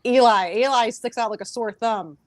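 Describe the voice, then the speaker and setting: Animated woman chatting on a podcast. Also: fairly high pitch, normal speed, no room sound. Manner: animated, acts out quotes, laughs often. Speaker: podcast co-host. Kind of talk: casual chat.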